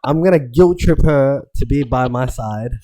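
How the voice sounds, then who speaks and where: A man's voice: mid-range voice, moderate pace, warm tone. A young adult man, co-hosting a podcast with playful, joking remarks and frequent interjections. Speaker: podcast co-host. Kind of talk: casual chat.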